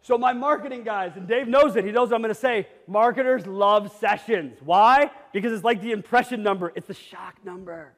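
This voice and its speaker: Brief: middle-aged male conference speaker, blunt, jokey, high voice, long hall reverb. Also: fairly quick, hardly any pauses. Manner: animated, blunt, jokey, rising to near shouts. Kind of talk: energetic keynote presentation. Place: conference hall with live audience.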